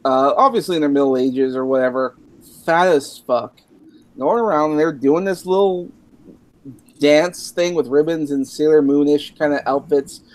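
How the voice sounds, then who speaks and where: A man's voice: a little high, moderate pace, a little mellow. A drunk Canadian man rambling through a profane story on a casual podcast, laughing at himself as he goes. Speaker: podcast host.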